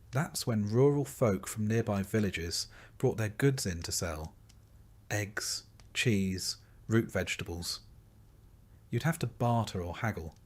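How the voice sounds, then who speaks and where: Male narrator, lower register, soft and unhurried second-person sleep-story read. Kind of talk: slow, calm scripted sleep narration.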